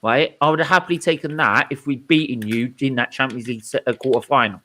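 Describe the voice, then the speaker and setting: A man's voice: mid-range voice, quick pace, bright, forceful tone. Emphatic sweary football fan, a man. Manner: emphatic, repeats himself, swears. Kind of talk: heated casual debate on a video call.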